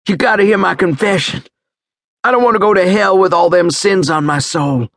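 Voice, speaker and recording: A badly wounded young soldier, frightened and panicky, pleading through pain in a strained, raised voice well above the reader's own, as a male audiobook narrator plays him. The tone is husky and close, with no room around it. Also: medium pitch, animated, normal speed, fairly bright tone, no room sound, voice pushed up, exaggerated voice. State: in pain, gasping.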